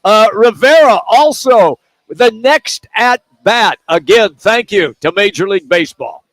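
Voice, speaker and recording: A man's voice: high voice, lively intonation, a little slow, fairly bright tone, no room sound. A man hosting sports radio live from a bar, upbeat and moving the show from segment to segment. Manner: upbeat, steers to the next segment. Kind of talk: casual sports talk.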